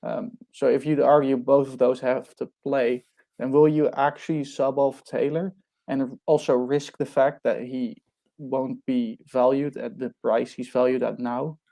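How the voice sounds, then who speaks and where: Male panelist with a mellow, dark voice. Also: medium pitch, little pitch movement, a little slow, gravelly. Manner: argumentative, pushes his point with questions. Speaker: podcast panelist. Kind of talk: casual football debate.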